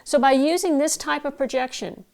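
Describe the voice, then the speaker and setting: A middle-aged woman voice coach giving a measured, clear lesson to camera, explaining ideas with vivid analogies. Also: sits high. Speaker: broadcast voice coach. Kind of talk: instructional talk to camera.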